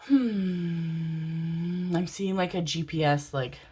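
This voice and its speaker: Young woman, low voice, casual rambling tarot reader, laughs easily. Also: very slow, darkish tone, husky. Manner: rambling, chatty, laughs and swears. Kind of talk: casual pick-a-card reading.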